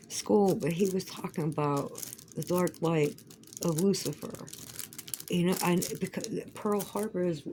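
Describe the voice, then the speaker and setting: A woman's voice: fairly low pitch, warm tone, slight background noise, rough recording. A woman chatting casually while crafting, rambling and profane, with emphatic outbursts. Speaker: vlogger.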